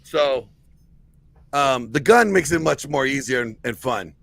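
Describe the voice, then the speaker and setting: A man's voice: mid-range voice, a little slow, creaky, dry recording. A man bantering on a video call, boastful and profane as he tells stories. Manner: boastful, profane, animated storyteller. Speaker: guest. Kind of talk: casual banter.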